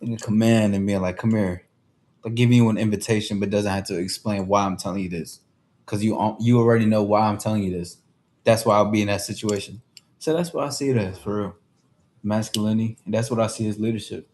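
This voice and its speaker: A man's voice: fairly low pitch, fairly even intonation, fast, a little mellow. A man hosting a casual livestream chat, talking loosely in slang and calling out to his viewers. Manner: laid-back slangy talk, addresses chat. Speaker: livestream host.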